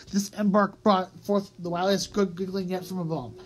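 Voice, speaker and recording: A woman narrates a children's storybook in a slightly low voice, stretching out words for dramatic effect. Music plays steadily beneath her reading. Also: low-quality recording. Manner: expressive, drawn-out emphasis. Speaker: audiobook narrator. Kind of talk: storybook read-aloud narration.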